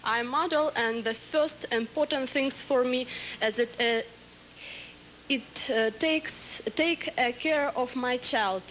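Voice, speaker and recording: A pageant contestant from the Soviet Union with a Russian accent, a native Russian speaker answering in halting English in a live stage interview. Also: female voice, sits high, fairly bright tone, a little hiss or hum, rough recording. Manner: hesitant halting English, searching for words.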